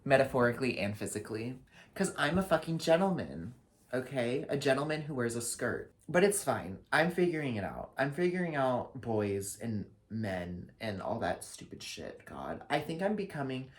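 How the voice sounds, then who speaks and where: A young man and drag performer recapping his year in a casual vlog, talking dramatically with a lot of swearing and jumping between loud rants and flat asides, in his apartment. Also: mid-range voice, moderate pace. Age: young adult. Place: apartment lit only by a ring light.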